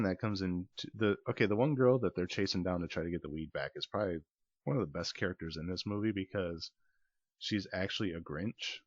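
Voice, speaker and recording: A man casually retelling a movie's plot, rambling with lots of fillers and quick acted-out quotes. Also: sits low, no room sound, lo-fi sound. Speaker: podcast movie reviewer.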